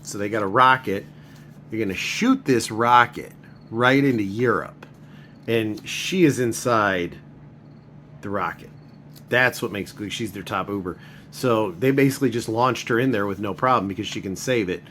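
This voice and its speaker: A man's voice: on the low side, moderate pace, a bit bright, slight background noise. A man giving a casual, rambling spoken review of a comic book, padding his talk with filler words.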